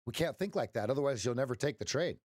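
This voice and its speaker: Middle-aged man, trading stream host, jokey and chatty with viewers, mid pitch, dry close sound. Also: animated, fast, darkish tone, no echo. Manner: joking, talks straight to chat, folksy pep talk. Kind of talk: casual livestream chat with viewers.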